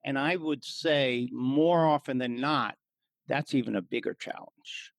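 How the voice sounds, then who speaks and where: Gravelly man hosting a podcast. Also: medium pitch, unhurried, dry recording. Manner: reflective, affirming. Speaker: podcast host. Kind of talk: interview.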